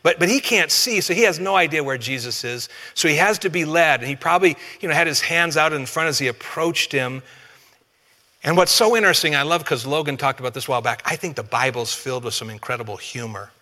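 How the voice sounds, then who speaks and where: A man's voice: a little high, quick pace, bright, forceful tone, long reverb tail. A male pastor preaches a conversational sermon with humor and speaks directly to his congregation.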